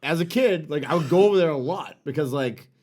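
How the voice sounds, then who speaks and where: A man's voice: on the high side, expressive, fairly quick, darkish tone. A middle-aged man co-hosting a podcast, ranting and swearing in casual chat. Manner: profane, ranting. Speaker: podcast co-host.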